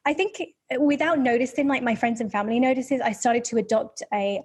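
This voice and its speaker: Animated young British woman, slightly high. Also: brisk, husky. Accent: mixed British and transatlantic. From English Midlands. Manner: animated storytelling, acts out past conversations. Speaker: guest photographer. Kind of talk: conversational interview.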